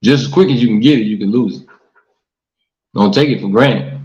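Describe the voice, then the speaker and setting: A man's voice: fairly low pitch, brisk, a little mellow. A man hosting a casual livestream talk show, reading comments and preaching earnestly to his viewers, often saying "man" and "y'all". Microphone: livestream mic. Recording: echoey room, dull lo-fi stream audio.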